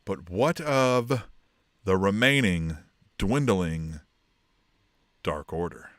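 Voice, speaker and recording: Male podcast co-host, lively pitch, close dry sound, profane and animated recapper. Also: drawn-out words, no echo. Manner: animated, swears freely, acts out quotes in mock voices. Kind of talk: casual wrestling recap chat.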